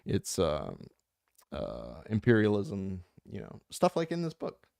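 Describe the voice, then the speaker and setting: A man with a low, gravelly voice chats straight into the mic, dark in tone and dry in sound. He drifts between passionate rants and joking asides while reading comments from his listeners. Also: wildly swooping pitch, takes it slowly, no echo. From United States. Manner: impassioned, rambling, jokey. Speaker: audiobook narrator and channel host. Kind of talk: casual chat reading comments.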